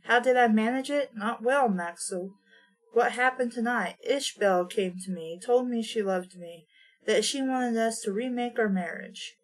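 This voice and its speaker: A woman reading aloud, voicing a calm male warrior leader in a plain, even way. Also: a little high, measured pace, natural voice.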